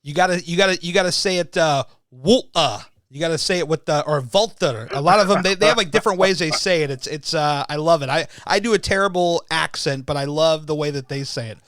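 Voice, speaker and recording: A man hosting a podcast in casual chat, enthusiastic and quick to laugh, sometimes tripping over his words. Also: a little high, a bit bright, dry recording, clean studio sound. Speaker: podcast host.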